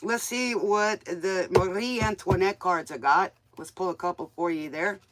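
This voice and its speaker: A tarot reader and DJ host chats on her show in a folksy, rambling way while reading cards for viewers in a casual live session. Her smoky voice is fairly low-pitched at normal speed, with background noise in the recording.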